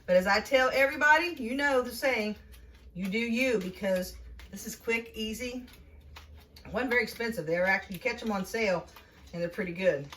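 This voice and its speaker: Chatty woman showing a recipe in her kitchen, bright voice, laughs a lot, mic kinda far. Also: fairly high pitch, normal speed, slight background noise. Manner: chatty and folksy, laughs often. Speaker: home cooking vlogger. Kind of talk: casual cooking demonstration. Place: home kitchen.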